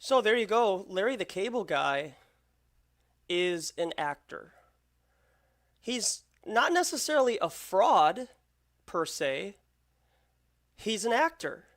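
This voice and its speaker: A channel host giving slow, deliberate, lecturing commentary on a live stream. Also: medium pitch, very animated.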